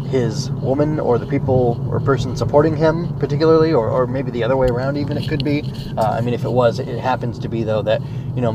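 A man's voice: medium pitch, background noise. A man hosting his own podcast, talking casually and rambling with lots of fillers and restarts. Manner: rambling, many fillers and self-corrections. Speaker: podcast host. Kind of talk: casual solo podcast talk. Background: smooth jazz music.

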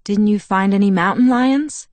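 A woman's voice: mid-range voice, moderate pace, a little mellow, no echo, pitched above the performer's own voice, close to an everyday voice. Woman voicing anxious teen girl, eager questioning tone, dry close read. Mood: earnest. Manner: eager, questioning, slightly raised. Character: anxious, earnest teenage girl in love. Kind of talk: audiobook dialogue reading.

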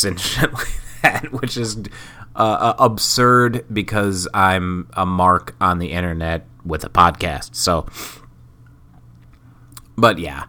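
Sick male podcast host, rambling, profane, self-mocking, bright sharp voice, lowish pitch. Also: fairly even intonation, slow, long pauses. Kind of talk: casual solo podcast monologue.

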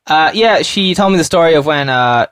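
A man's voice: on the high side, expressive, normal speed, fairly bright tone, clear, resonant tone, no room sound. A man co-hosting a podcast, teasing and swearing freely. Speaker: podcast co-host. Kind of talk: casual chat.

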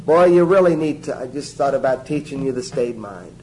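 A man's voice: medium pitch, animated, a little fast, darkish tone, a little hiss or hum, rough recording. A man giving a sermon-style teaching to a small group, emphatic and joking, repeating his instructions.

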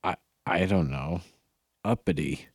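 A man with a very low voice rambles slowly, losing his thread and correcting himself. The sound is dry and close. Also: husky, dry recording. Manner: meandering, trailing off, self-correcting. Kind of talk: rambling casual chat.

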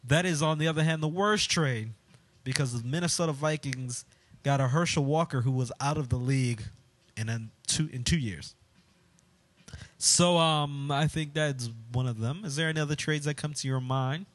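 A man's voice: on the high side, normal speed, no room sound. Upbeat man hosting a sports podcast. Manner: upbeat, laughs often, guides the segments. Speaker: podcast co-host. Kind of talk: casual sports chat.

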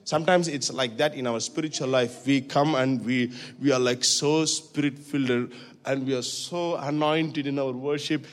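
A man preaching a sermon in a church, swinging from hushed, intimate passages to loud, high-pitched exhortation. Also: fairly even intonation, normal speed. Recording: reverberant church hall.

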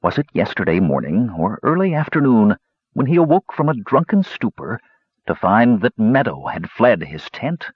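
A man reading a fantasy story aloud with expressive storybook narration. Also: lowish voice, moderate pace, husky, dry recording. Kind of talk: audiobook narration. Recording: dull lo-fi recording.

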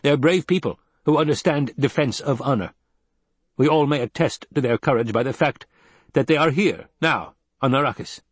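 A man voicing a cold, scholarly male ecologist who speaks in a calm, lecturing way. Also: medium pitch, moderate pace, breathy edge, no room sound, voice pushed up, close to an everyday voice. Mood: cool, challenging.

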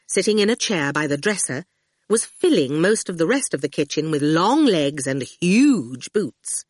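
Expressive woman reading a story. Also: low-pitched, measured pace, slightly rough, no echo, studio quality. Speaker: audiobook narrator. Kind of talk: scripted audiobook narration.

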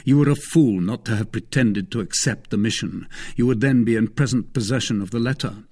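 A man's voice: lowish voice, a little fast, a little mellow, slightly rough. Man doing a scornful cloaked stranger. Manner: curt, condescending. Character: scheming male stranger in a cloak, cold and scornful.

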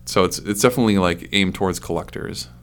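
A man's voice: deep voice, fast talker. A man co-hosting a casual podcast, chatty and joking, reading out news between jokes. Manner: relaxed, joking, puts on silly accents. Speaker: podcast co-host. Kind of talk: casual chat.

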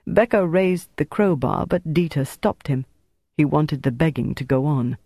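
Steady audiobook narrator, dry close sound. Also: medium pitch, moderate pace, vocal fry, no room sound. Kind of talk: scripted narration of a thriller.

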